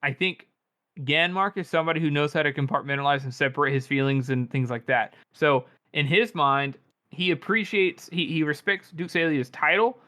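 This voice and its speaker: A man's voice: on the high side, normal speed. A man co-hosting a podcast, chatting casually about a book and acting out the lines he quotes. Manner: animated, acts out quoted lines. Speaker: podcast co-host.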